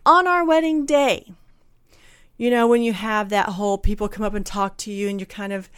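A woman telling a personal story in a candid, blunt, animated way, acting out what people said. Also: medium pitch, moderate pace, clear, resonant tone, no room sound, clean studio sound. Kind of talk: casual storytelling chat.

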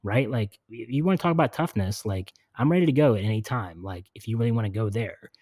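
A man's voice: lowish voice, fast, husky, no room sound. A man in his twenties, a podcast host, telling a story in casual chat and acting out what he and others said, with lots of fillers. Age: 20s. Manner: animated storytelling, acts out quoted exchanges, many fillers.

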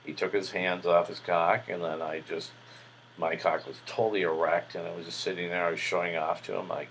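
A man's voice: deep voice, level tone, brisk, vocal fry, a bit bright, slight background noise, low-quality recording. A man hosting a podcast, telling a story in a casual, boastful, crude way with a lot of swearing. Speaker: podcast host.

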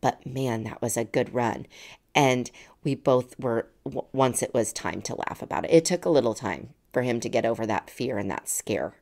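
A woman in her forties tells a personal story as a podcast host, in a casual and animated way. Her voice sits very low and has a gravelly fry. She laughs easily and acts out the lines of the people in her story. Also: normal speed.

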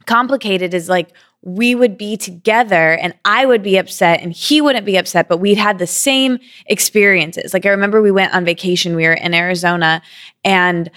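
Woman in her 30s rambling through a personal story, lots of "like"s, smooth clear voice. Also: medium pitch, a bit bright. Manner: quick, chatty, frequent "like" fillers. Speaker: podcast guest. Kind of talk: candid conversational storytelling.

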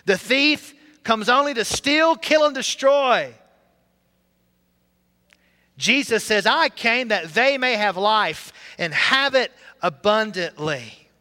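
A man's voice: sits high, lively intonation, slow, sharp tone. A man from Alabama preaching a sermon in a church, telling his own story earnestly and breaking into song at times. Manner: earnest storytelling with sung passages. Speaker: pastor. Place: church sanctuary. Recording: hall reverb.

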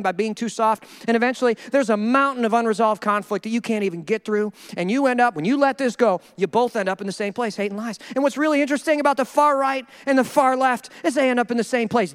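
A middle-aged male pastor preaching a sermon, acting out quoted voices in an animated way. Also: very high-pitched, clear, resonant tone.

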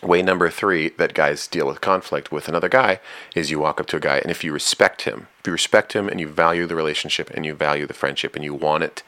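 Here a man with an extremely deep voice, bright and forceful at the edges, talks casually about relationships at a fast clip. His intonation stays fairly even, and he's frank to the point of bluntness, sounding like a no-nonsense host sharing lessons he earned the hard way.

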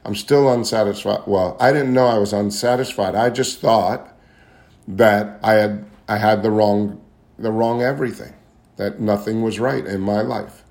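A man shares his recovery story in a personal testimony talk, speaking at normal speed in a lowish, gravelly, slightly mellow voice with fairly even intonation. Earnest and confessional, he often repeats phrases while searching for words.

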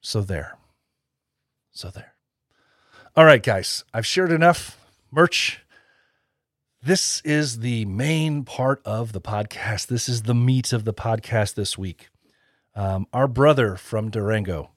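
A man's voice: mid-range voice, takes it slowly, no room sound, studio quality. A man hosting a podcast, chatting casually and rambling, with frequent laughs. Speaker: podcast host.

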